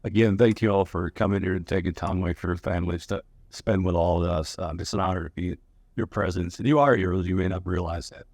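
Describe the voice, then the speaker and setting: A man's voice: deep voice, steady tone, fast, a little mellow, no echo. A man in the audience asking a polite, slightly hesitant question, a little away from the mic.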